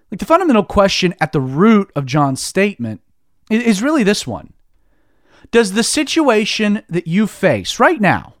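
A man's voice: high-pitched, no echo, studio quality. A man giving a casual devotional teaching, talking in a conversational way with many restarts. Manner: conversational, heavy use of "like", frequent restarts. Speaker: Christian preacher.

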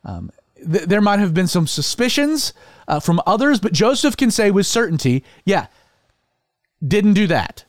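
A man hosting a casual religious discussion show, talking in an animated way with many fillers and restarts. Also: high-pitched, moderate pace, dry recording, clean studio sound. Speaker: podcast host.

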